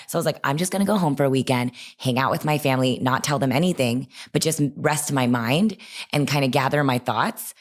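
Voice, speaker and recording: A young woman telling a personal story in a conversation, animated and chatty with lots of "like". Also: a bass voice, brisk. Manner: animated, lively, full of "like". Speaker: guest, online creator.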